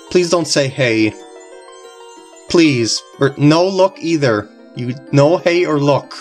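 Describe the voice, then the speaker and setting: A video game commentator talking casually through a playthrough, excitable and giggling often, over game music. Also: mid-range voice, takes it slowly. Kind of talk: casual let's-play commentary.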